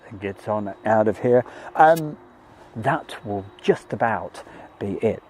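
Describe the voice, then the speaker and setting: A man's voice: fairly low pitch, lively intonation, takes it slowly, darkish tone, slight background noise. A man hosting a live plane-spotting stream, chatting jokily and reading out viewer messages. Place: outdoors at an airfield.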